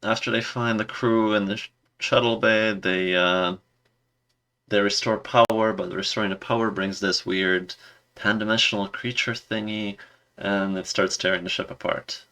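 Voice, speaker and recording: Gravelly low-voiced sarcastic man. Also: fairly even intonation, moderate pace, pushed and bright. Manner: sarcastic, exasperated, rambling. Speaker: video reviewer. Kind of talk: casual ranting review.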